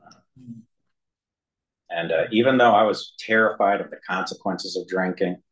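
Deep-voiced man telling his story, halting. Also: fairly bright tone, rough recording. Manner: halting, with many fillers and self-deprecating humor. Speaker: speaker sharing his recovery story. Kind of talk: personal testimony to an audience. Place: room with an audience, also streamed to a video call.

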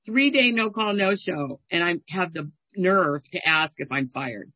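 A woman in her sixties telling a candid personal recovery story in a halting way, acting out the people she quotes. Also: fairly low pitch, expressive, no room sound. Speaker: speaker sharing a recovery story. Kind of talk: personal testimony. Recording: dry, dull lo-fi sound.

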